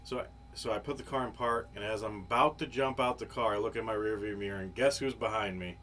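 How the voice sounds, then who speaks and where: Guy rambling thru a story, cussing a lot, lowish voice, faint hum behind. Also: steady tone, fast talker, pushed and bright. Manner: rambling, profane, lots of fillers. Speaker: podcast co-host. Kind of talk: casual storytelling chat. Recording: live podcast, faint background noise.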